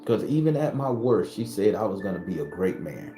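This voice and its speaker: A man's voice: deep voice, sing-song, fairly quick. A man, giving a blunt, profane personal testimony to his viewers. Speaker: spiritual video host. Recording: roomy echo with music behind.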